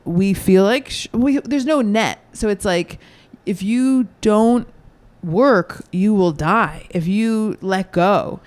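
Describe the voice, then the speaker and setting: A woman in a casual comedy chat, blunt and quick, swearing freely. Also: mid-range voice, darkish tone. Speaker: guest.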